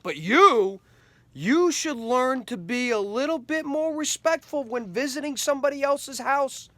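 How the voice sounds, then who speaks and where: High-voiced sarcastic man ranting. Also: lively intonation, unhurried, pushed and bright, no room sound. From Philadelphia. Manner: sarcastic, scolding. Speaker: comedy vlogger. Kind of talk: mock-serious comedic rant to camera.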